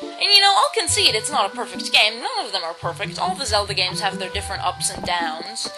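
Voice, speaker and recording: A woman hosting a casual video game playthrough, chatty and self-mocking, now and then bursting into loud shouts. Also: mid-range voice, animated, fairly quick, low-quality recording. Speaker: let's play host. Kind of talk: casual gameplay commentary. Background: video game music.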